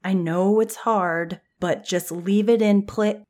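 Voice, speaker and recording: A woman's voice: on the low side, takes it slowly. A woman reading as a bossy young camper. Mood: pleading firmly. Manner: urgent, commanding. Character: young woman camper, firm and take-charge.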